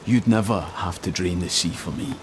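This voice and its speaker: An actor playing a loving father who reassures his daughter softly. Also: low voice, normal speed. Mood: tender. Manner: soft, reassuring. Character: gentle, loving Scottish father of a diver. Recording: game music and rain behind.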